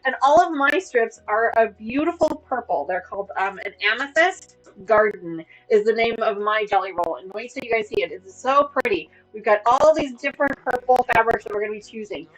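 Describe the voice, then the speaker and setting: A woman's voice: a little high, expressive, brisk, few pauses, soft background music, low-quality recording. A woman in her thirties hosting a casual sewing livestream from home, chatty and upbeat as she explains her work. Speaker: livestream host.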